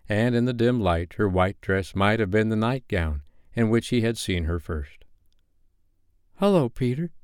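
A man reading a bedtime story aloud in an expressive, gentle storytelling manner. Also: lowish voice, smooth, no echo, studio quality.

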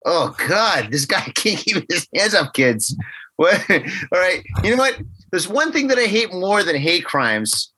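A man hosting a podcast who jokes excitably, laughs often and reads news stories aloud. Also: high-pitched, a little slow, husky, dry recording. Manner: excitable, joking, laughs often, does silly voices. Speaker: podcast host. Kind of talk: casual podcast banter.

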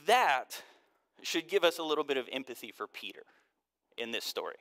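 A man's voice: mid-range voice, very animated, moderate pace. Casual joking man preaching a sermon. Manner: casual, joking, often drops to a soft hush. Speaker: pastor. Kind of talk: conversational sermon.

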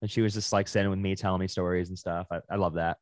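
Low soft-spoken young man. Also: steady tone, rapid-fire, no room sound, clean studio sound. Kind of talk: casual chat.

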